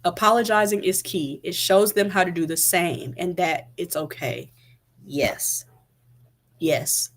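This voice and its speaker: A woman's voice: lowish voice, moderate pace, hardly any pauses. A woman in her thirties, a mother of toddlers, giving casual parenting advice to viewers on a live stream in a direct, chatty way. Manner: chatty, direct, addresses viewers, many fillers like "like" and "right?".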